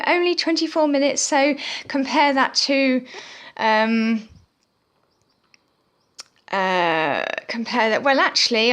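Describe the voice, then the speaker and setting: A woman's voice: fairly high pitch, a bit bright. A woman hosting a gaming channel, giving chatty mobile game commentary with lots of ums and frequent asides to viewers as "guys". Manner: chatty, filler-heavy, addresses viewers as guys.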